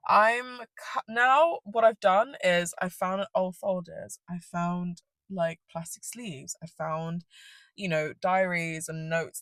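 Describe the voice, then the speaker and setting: A woman's voice: lowish voice, fairly bright tone, no echo. A woman ranting casually to camera, rambling and self-deprecating, swearing often and laughing at herself. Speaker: vlogger.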